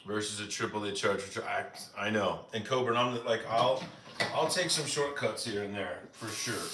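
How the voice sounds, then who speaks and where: A man's voice: on the low side, moderate pace, a bit bright, echoey room, slight background noise. A man hosting a casual live stream from the United States, chatting with viewers and answering their comments, with lots of "like" fillers. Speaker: live-stream cooking host.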